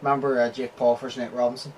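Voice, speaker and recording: A man's voice: medium pitch, level tone, rapid-fire, noisy background. A man hosting a casual podcast, rambling through stories and swearing often. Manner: rambling, swears a lot, acts out quotes. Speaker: podcast host.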